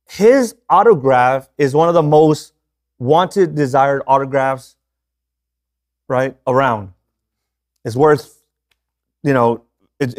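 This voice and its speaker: A man preaching a sermon as a pastor in a conversational way, often checking in with his listeners. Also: a little high.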